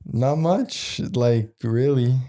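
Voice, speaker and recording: Laid-back young man, mellow voice. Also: medium pitch. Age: young adult. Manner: laid-back, halting, many "like" fillers. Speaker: podcast producer, guest. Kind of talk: casual chat.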